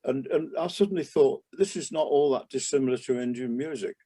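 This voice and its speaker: An older man, a jazz trumpeter, reminiscing in a relaxed interview, rambling with many restarts and asides. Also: medium pitch, brisk, breathy edge. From England.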